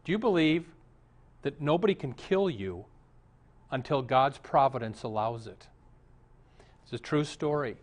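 A man's voice: mid-range voice, animated, unhurried, long pauses. Man, pastor, sermon, conversational preaching, asks the congregation questions.

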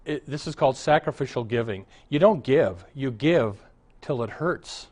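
A man's voice: mid-range voice, normal speed. Male pastor preaching, story-driven and earnest, mid-range voice. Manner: animated storytelling, mixes humor with exhortation. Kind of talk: sermon.

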